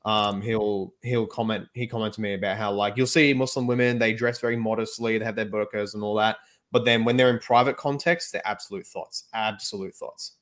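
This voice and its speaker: A man's voice: lowish voice, steady tone, a little fast. A man giving his views emphatically in a casual group discussion. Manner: opinionated, emphatic.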